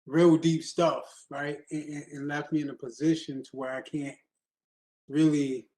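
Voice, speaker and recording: A man slowly responds to the group, pausing and searching for the right words. His tone is dark and mellow, and he talks at an unhurried pace. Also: fairly high pitch, level tone. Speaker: open mic participant responding. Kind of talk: casual group discussion.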